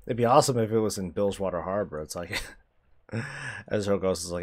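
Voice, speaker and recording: A male streamer chatting casually while playing a game, animated, swearing freely and laughing often. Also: low voice, quick pace. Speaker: streamer host. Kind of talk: casual gameplay commentary.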